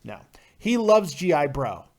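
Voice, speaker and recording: A man's voice: a little high, big pitch swings, unhurried, darkish tone. A man hosting a live call-in show, talking bluntly and ranting with lots of swearing. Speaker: podcast host.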